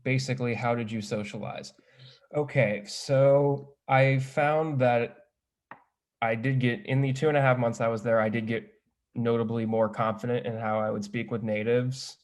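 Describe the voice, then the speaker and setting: A man's voice: medium pitch, flat delivery, normal speed. A young man who is a student panelist, describing his time abroad in a chatty, casual way, filling his speech with "like" and correcting himself as he goes. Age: young adult. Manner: chatty, heavy use of "like", self-correcting.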